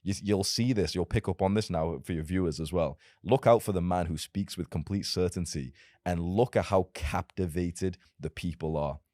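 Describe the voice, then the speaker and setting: Young male creator, low voice, rapid, blunt and provocative, dry close sound. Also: darkish tone, no echo. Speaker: self-improvement content creator. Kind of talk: casual podcast conversation.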